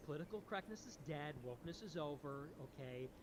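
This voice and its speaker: A man giving an animated, preachy monologue, often pressing his point with "okay?". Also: a little high, quick pace. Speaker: political streamer in a played clip. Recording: noisy clip recording.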